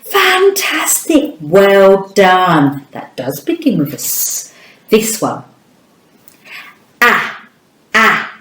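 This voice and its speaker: A British woman gives a children's phonics lesson, speaking encouragingly and directly to a young viewer. Her voice is medium in pitch and fairly bright, and the room sounds echoey.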